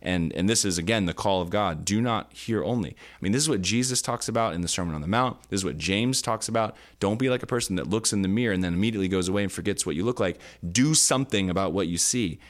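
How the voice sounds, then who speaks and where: Brief: deep-voiced male podcast co-host, earnest, thinking aloud with fillers. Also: fast, hardly any pauses. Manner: earnest, searching for words with many fillers. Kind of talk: conversational Bible teaching. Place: indoor podcast studio.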